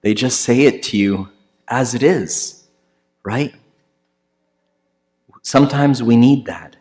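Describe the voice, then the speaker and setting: Priest guy telling a church story, lots of um and uh, mid voice, gets loud doing other people. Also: slow pace. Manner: conversational, many fillers and restarts; acts out quoted voices louder and higher. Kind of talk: storytelling sermon.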